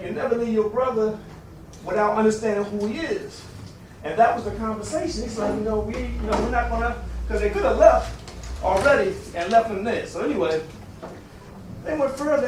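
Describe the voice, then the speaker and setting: A man tells a story in a loose, casual way, lifting his pitch sharply and shouting when he acts out the characters. He sounds distant from the mic in a heavily echoing room. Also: a little hiss or hum. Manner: animated, acts out quotes with big pitch jumps and shouts. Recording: very echoey room, recorded from a distance.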